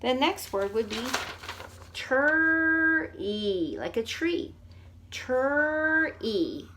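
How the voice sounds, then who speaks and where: Middle-aged woman speech therapist, mid-pitched, drilling sounds with exaggerated clarity over faint noise. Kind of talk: instructional demonstration.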